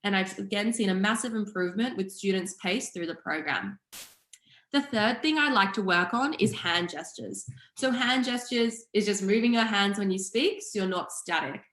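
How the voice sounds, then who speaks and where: A woman's voice: medium pitch, moderate pace. Young woman teaching public speaking, roomy sound. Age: young adult. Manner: clear, explanatory, steady teaching delivery. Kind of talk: online seminar presentation. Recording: echoey room.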